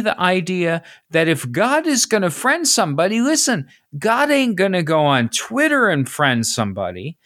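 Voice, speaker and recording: A man's voice: high-pitched, fairly bright tone. A man co-hosting a podcast, making emphatic rhetorical points in casual chat. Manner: emphatic, rhetorical, lots of "right?". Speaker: podcast co-host.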